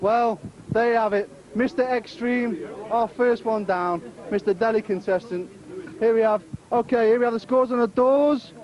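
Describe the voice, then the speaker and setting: A man's voice: very high voice, moderate pace. A man acting as master of ceremonies, giving jokey, theatrical mock sports commentary at a crowded indoor event. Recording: muffled amateur video with loud crowd.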